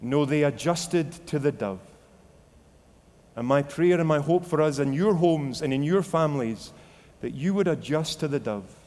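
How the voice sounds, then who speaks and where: A Scottish pastor with a Scottish accent preaches a sermon, sharing a personal testimony earnestly and reflectively with quoted inner dialogue. His voice is a little high, expressive and a little mellow, at normal speed, with long hall reverb.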